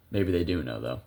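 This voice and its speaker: Low-voiced young man casually commentating gameplay. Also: creaky, warm tone, a little hiss or hum. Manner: chatty, self-amused, thinks aloud with many fillers. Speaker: gameplay video creator.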